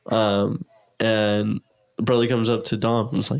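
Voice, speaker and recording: A man's voice: lowish voice, flat delivery, unhurried. Young man, casual storytelling, rambling with lots of fillers, voices the people in his story. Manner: rambling, filler-heavy, acts out quotes. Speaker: guest.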